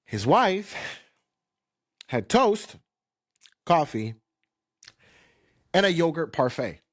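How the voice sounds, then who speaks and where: A man's voice: a little high, big pitch swings, extremely slow. Podcast guy telling a story, lots of like and restarts, does little pop pop bam sounds. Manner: loose, filler-heavy talk with "like" and restarts. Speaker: podcast host. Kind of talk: casual storytelling.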